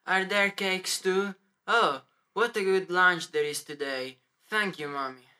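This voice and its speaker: A woman voicing young children in a scripted English lesson dialogue, speaking low and soft. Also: fairly even intonation, a little slow, clean tone. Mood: pleading. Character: young children answering their mother.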